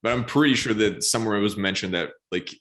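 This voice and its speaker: A man co-hosting a podcast, musing about a book in a hesitant, casual way with many pauses and fillers. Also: fairly low pitch, a bit bright. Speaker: podcast co-host.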